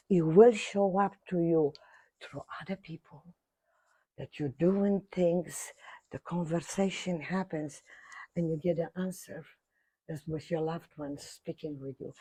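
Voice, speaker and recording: An older woman telling a personal story in animated fashion, acting out other people's voices, with non-native grammar. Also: lowish voice, husky, no echo. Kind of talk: animated anecdote.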